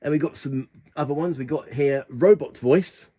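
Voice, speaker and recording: A man's voice: a little high, moderate pace, warm tone. A man hosting a keyboard tutorial, talking casually through the settings with plenty of fillers and restarts. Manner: chatty, hesitant with fillers and restarts.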